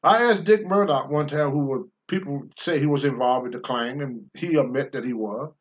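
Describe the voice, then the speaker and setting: A man's voice: medium pitch, normal speed. An older man, a former pro wrestler, speaking bluntly and with profanity as a talk-show guest. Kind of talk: candid talk-show storytelling. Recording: dull lo-fi sound.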